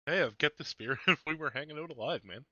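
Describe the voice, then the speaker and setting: Man with a very bright voice. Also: on the high side, fast talker, no room sound, lo-fi sound. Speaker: player. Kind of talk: casual tabletop game chat.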